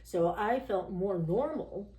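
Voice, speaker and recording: A woman's voice: medium pitch, lively intonation, takes it slowly, mellow. A woman guest on a podcast interview telling her own story in a candid, rambling way, full of "you know" and "like," and often acting out the voices of people she quotes. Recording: roomy echo.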